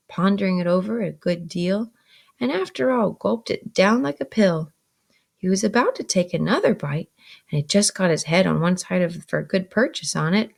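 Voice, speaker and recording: A woman's voice: medium pitch, creaky. A woman teacher reading a novel aloud and stopping to explain words to her students, with some "um" fillers.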